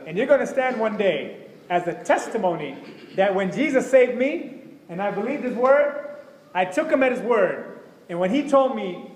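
A man's voice: sits high, expressive, normal speed. A man preaching a sermon with fervor, acting out prayers and the voices of others as he speaks. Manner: fervent, acts out prayers and voices. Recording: echoey hall with faint ambience.

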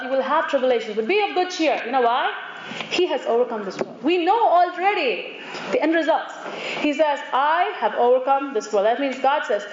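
A woman with a high voice preaches a sermon. She puts questions to her listeners and acts out the voices she quotes. The recording is echoey, dull and lo-fi, with clear noise behind her.

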